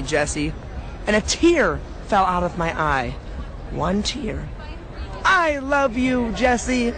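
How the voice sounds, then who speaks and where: A man vlogging at a comic convention, goofy and over-the-top, shouting a catchphrase and giving shout-outs. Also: high voice. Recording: noisy convention crowd around.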